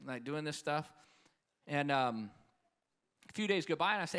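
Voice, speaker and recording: A man preaching a sermon at a live conference, passionate, his voice swinging between loud, urgent stretches and hushed, quiet ones. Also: on the high side, animated, brisk. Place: conference hall stage.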